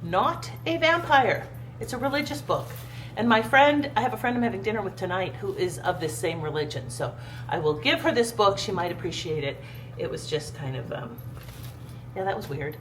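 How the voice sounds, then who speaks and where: A woman's voice: medium pitch, animated, normal speed, fairly bright tone, a little hiss or hum, rough recording. A woman vlogging at home in a casual, rambling storytelling style, with lots of fillers and restarts. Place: at home, indoors.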